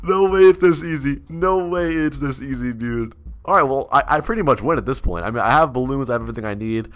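Young man, gameplay commentary, lively bouncing pitch, bright edgy tone, excitable, quick mumbles and loud bursts. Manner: excitable, laughing, quick swings between mumbling and yelling. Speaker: gaming YouTuber.

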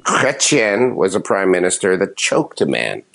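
A man from Canada, a comedian guest, talking in a rambling casual chat with deadpan jokes. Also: low voice, unhurried, vocal fry, noisy background.

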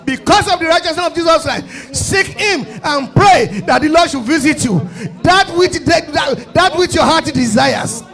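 A man with a Nigerian accent leading a fervent prayer sermon, often shouting and repeating his calls to the congregation. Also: extremely high pitch. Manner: impassioned, often shouting, repetitive exhortations. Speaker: pastor. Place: church service.

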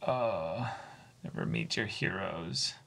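A man's voice: low-pitched, slow pace, creaky, pushed and bright, slight background noise. A man co-hosting an anime reaction, giving short, casual remarks on each scene as he watches.

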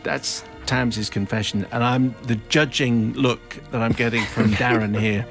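A man's voice: medium pitch, fairly even intonation, a little slow, vocal fry, a bit bright, soft background music. A man hosting a radio show, reading out a listener's confession in a wry storytelling manner with chuckles, then chatting in the studio. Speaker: radio host. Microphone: studio microphone.

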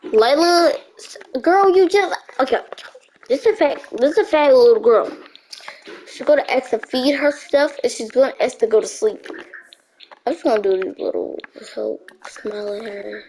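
High voice, casual game commentary, chatty, talks to her characters, noisy recording with clicks. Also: lively intonation, moderate pace, darkish tone. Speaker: gaming channel host. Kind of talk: casual let's-play commentary.

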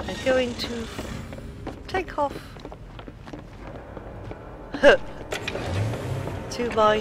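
A woman's voice: fairly high pitch, very slow, pauses often, a little hiss or hum. A British woman commentating casually on her own game, swearing and laughing at her mishaps. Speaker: game streamer. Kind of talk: casual let's-play commentary.

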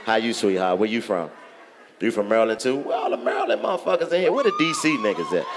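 A man with a Washington DC accent doing stand-up, ribbing the audience with loud, profane banter. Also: on the low side, sing-song, fast, a loud crowd, heavy background noise. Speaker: stand-up comedian. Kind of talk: crowd work stand-up. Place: large theater on stage.

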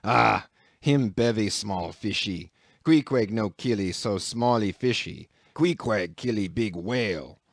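A man voicing a calm, strong harpooneer who speaks in slow, broken phrases with mild disdain. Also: lowish voice, gravelly, exaggerated voice. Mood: disdainful.

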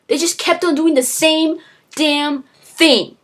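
A woman's voice: high-pitched, fairly even intonation, slow pace, a bit bright. A woman vlogging, ranting casually to camera about what she wants from games, with lots of fillers and restarts. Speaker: gaming vlogger. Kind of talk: casual opinion rant to camera.

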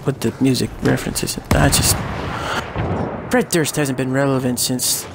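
A man's voice: medium pitch, fairly even intonation, unhurried, vocal fry, background noise. A man commentating his own shooter gameplay, crude and joking and mocking himself. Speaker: gamer, channel host. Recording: game gunfire and explosions behind. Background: gunfire, artillery, vehicles.

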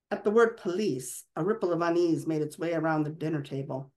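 A woman's voice: sits low, brisk, few pauses, darkish tone. A woman author reading a passage from her novel aloud, expressively.

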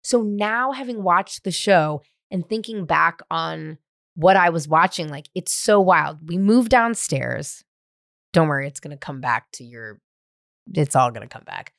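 A woman's voice: deep voice, unhurried, gravelly, no echo, clean studio sound. Middle-aged woman telling a swearing story. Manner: animated, profane, acts out quoted lines. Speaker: podcast host. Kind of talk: casual storytelling chat.

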